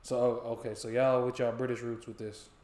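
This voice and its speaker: A man's voice: medium pitch, level tone, brisk, a little mellow. Joking young American man, roomy sound. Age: young adult. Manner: joking, swears freely, chats to viewers. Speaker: stream co-host. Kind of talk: casual live-stream chat. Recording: roomy echo.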